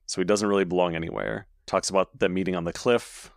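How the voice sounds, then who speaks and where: A man's voice: low voice, fast talker, vocal fry, no echo, clean studio sound. A man co-hosting a podcast, casually recapping a TV episode scene by scene. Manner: relaxed, recaps scenes with quoted lines. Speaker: podcast co-host.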